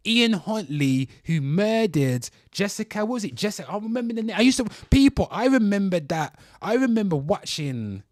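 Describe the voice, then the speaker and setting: A man in full rant mode, his voice jumping and swinging widely as he swears and calls out to his viewers. He sits a little higher than most men, and the sound is close and dry with no room around it. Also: big pitch swings, moderate pace, hardly any pauses, no echo. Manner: profane, heated, keeps addressing viewers. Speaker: livestream host. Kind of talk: angry news rant.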